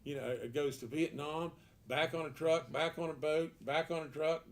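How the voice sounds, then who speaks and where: Folksy man pitching big ideas. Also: steady tone, moderate pace. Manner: folksy, emphatic, repeats words, asks rhetorical questions. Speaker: political candidate answering an editorial board. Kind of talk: unscripted interview answer. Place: meeting room around a table.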